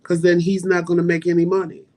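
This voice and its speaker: A man's voice: high-pitched, monotone, fast talker, darkish tone, lightly acted. A man voicing his stern, practical mother in a retold story, firm and no-nonsense. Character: stern, practical mother, woman, middle-aged.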